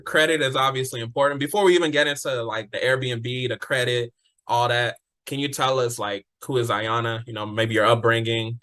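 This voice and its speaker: A man hosting a podcast interview, relaxed and affirming, with steady "yeah" and "okay" replies. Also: medium pitch, normal speed. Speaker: podcast host.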